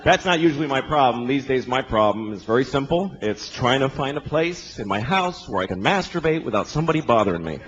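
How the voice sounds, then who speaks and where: A man doing a stand-up set, complaining in a deadpan, plainspoken way. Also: mid-range voice, a little fast, few pauses. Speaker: stand-up comedian. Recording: dull lo-fi stage recording with background noise.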